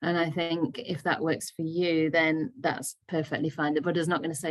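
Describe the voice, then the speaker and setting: A Buddhist nun leading a discussion group over a video call, answering questions in a thoughtful, laughing way. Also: female voice, low voice, moderate pace, hardly any pauses. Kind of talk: casual teaching discussion.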